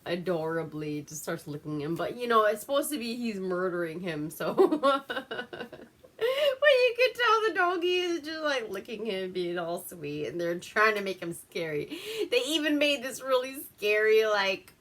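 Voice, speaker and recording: A woman's voice: mid-range voice, expressive, normal speed, few pauses, fairly bright tone. A woman from Alaska casually recapping a movie at home, giggling, swearing and rambling with lots of fillers. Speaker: movie reviewer host.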